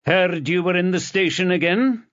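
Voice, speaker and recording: A man voicing a furious, blustering male police boss who scolds and shouts. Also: high-pitched, normal speed, no room sound, muffled recording, pitched above the performer's own voice.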